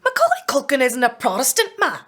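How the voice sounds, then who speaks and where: A woman's voice: wildly swooping pitch, a little fast, a bit bright, breathy edge, full character voice. A woman playing a sulky teenage girl. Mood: outraged. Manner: wry narration, shrill outbursts. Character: sulky sixteen-year-old Irish girl. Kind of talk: amateur film acting.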